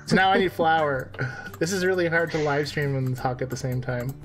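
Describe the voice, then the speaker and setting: A man's voice: fairly high pitch, little pitch movement, normal speed, over music. Joking man chatting over a farm game. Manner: joking, self-deprecating, laughs at himself. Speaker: live stream co-host. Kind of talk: casual gameplay live stream chat.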